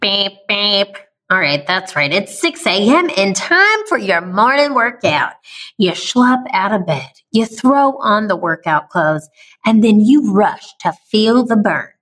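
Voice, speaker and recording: A woman's voice: medium pitch, sing-song, slow pace, fairly bright tone. A woman with a nasal twang and a Southern and Midwestern American accent, hosting her own podcast in an upbeat, playful way. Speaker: podcast host. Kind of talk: podcast host monologue.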